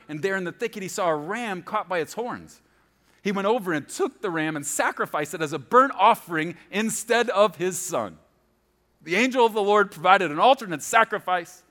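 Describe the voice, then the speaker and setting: A male pastor preaching with a lively, sweeping pitch and a bright, forceful tone. He tells stories with playful asides, swinging from hushed, low lines to loud, raised ones. His voice sits a little above average for a man. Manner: animated, storytelling preacher with asides. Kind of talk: sermon.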